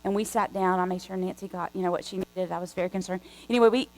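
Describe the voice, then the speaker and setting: Woman preacher, low gravelly voice, chatty animated storytelling, faint hum behind. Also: quick pace, soft background music, rough recording. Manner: conversational, animated storytelling with frequent restarts. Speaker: guest preacher. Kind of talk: storytelling sermon. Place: church sanctuary.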